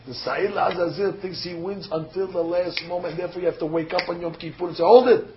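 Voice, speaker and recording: A fast-talking rabbi with a high-sitting voice and a steady tone delivers a sermon that works in a story. He preaches emphatically, poses many rhetorical questions, and sometimes gets caught on fillers. The recording is dull and lo-fi, with faint ambience and a little hiss or hum.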